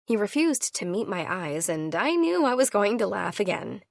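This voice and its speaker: A woman narrating a first-person audiobook into a studio microphone, playful and expressive in her delivery. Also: fairly low pitch, normal speed, vocal fry, hardly any pauses, dry recording.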